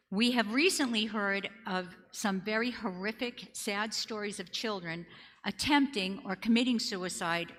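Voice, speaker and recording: A woman with a Boston accent delivers an emphatic floor speech in a legislature, her voice bright and forceful. The long reverb of a large chamber trails every phrase. She argues her case point by point. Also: mid-range voice. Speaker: state legislator.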